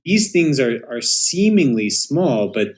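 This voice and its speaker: A man's voice: mid-range voice, big pitch swings, takes it slowly, darkish tone. A man hosting an interview podcast, responding to his guest with thoughtful, reflective remarks. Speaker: podcast host. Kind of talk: conversational interview.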